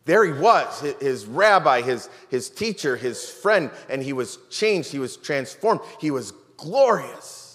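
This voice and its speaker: A man's voice: medium pitch, big pitch swings, unhurried, hardly any pauses, fairly bright tone. Man preaching in a reverberant church. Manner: dramatic storytelling, many rhetorical questions and repeated words. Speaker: pastor. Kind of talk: sermon. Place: church sanctuary.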